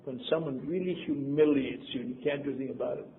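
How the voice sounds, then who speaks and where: A man's voice: medium pitch, steady tone, fast. A man in his seventies from Wisconsin, giving a convention talk in a wry, self-mocking storytelling manner. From Wisconsin, USA. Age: 70s. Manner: wry, self-mocking, acts out quoted voices. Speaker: convention speaker. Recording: lo-fi tape, phone-like, faint hiss.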